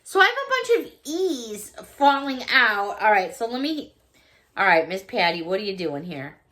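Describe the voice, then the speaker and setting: A woman's voice: mid-range voice, sing-song, normal speed, sharp tone. A woman from Chicago chatting casually as a vlogger, gushing and laughing often as she goes through her mail. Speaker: vlogger opening fan mail. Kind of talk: casual chat.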